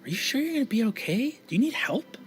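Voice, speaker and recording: A man voicing a small, precocious boy in a tabletop game, in a squeaky, childlike voice. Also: sing-song, quick pace, soft background music. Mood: awed, worried.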